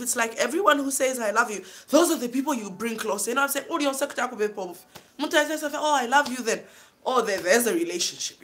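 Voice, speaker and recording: A woman tells her own life story, open and deeply emotional. She talks in loose spoken sentences and keeps checking in with the listener. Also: a bit bright. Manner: emotional, keeps saying "you know what I'm saying". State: tearful at times. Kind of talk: personal storytelling.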